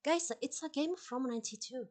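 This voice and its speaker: A woman with an Italian accent livestreams gameplay, chatting casually as she plays, laughing often and apologizing for her English. Her voice is high-pitched and a bit mellow, at a moderate pace.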